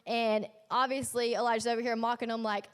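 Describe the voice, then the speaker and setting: A woman's voice: a little high, flat delivery, a little fast, smooth. A young woman leading a youth ministry, preaching a casual sermon in a chatty, slangy storytelling way with playful asides. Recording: echoey hall.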